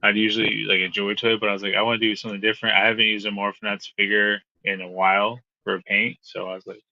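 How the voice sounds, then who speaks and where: A man's voice: fairly low pitch, flat delivery, fast talker, gravelly, pushed and bright, no room sound. A man chatting casually, easygoing and filling his speech with "like" and "man". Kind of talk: casual chat. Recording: dull lo-fi audio.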